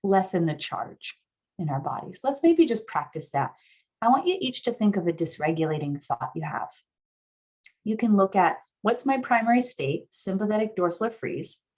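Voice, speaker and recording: Over a video call, a woman with a mid-range voice and normal pace, appearing as a somatic therapist guest speaker, earnestly walks her online workshop through an exercise, sometimes breaking into excited affirmations.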